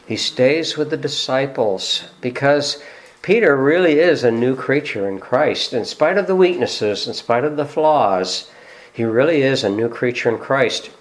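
A man's voice: mid-range voice, lively intonation, moderate pace. Conversational male preacher with rhetorical questions. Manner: frequent "uh" fillers. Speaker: pastor. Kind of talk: sermon.

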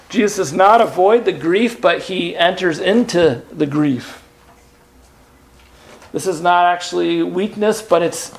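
A male pastor delivering a sermon with a fairly high voice that has a gravelly, creaky edge. He speaks earnestly, slipping in "uh" and rhetorical questions as he goes.

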